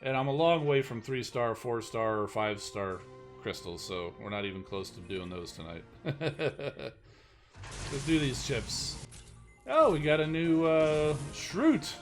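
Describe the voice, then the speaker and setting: A man's voice: medium pitch, animated, slow pace, faint music behind. Rambling male game streamer. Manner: rambling, self-deprecating, many fillers. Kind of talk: casual live-stream commentary.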